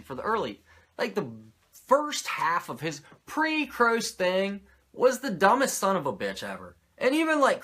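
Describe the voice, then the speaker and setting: A man's voice: on the high side, a bit bright, husky. A man hosting a podcast, recapping wrestling in a rambling, crude, jokey way. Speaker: podcast host reviewing wrestling. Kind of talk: casual profane recap.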